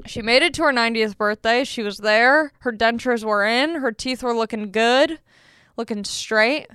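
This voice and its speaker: A woman's voice: on the high side, moderate pace, a bit bright, clean tone, dry recording, studio quality. A young woman, a comedian hosting a podcast, telling stories in casual, self-deprecating chat. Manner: chatty, self-deprecating storytelling.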